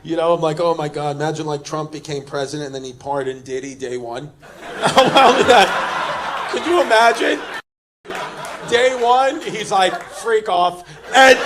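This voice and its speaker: A male stand-up comedian doing brash, teasing crowd work, throwing quick jokes at audience members on a club stage. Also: fairly high pitch, fairly bright tone, slight background noise. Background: audience laughter.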